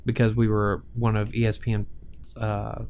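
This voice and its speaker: A man's voice: on the low side, monotone, moderate pace, vocal fry, a little mellow, slight background noise. A man in his forties on a podcast, chatting casually and telling stories with frequent laughter. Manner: chatty storyteller who laughs often. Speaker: podcast co-host. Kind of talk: casual chat.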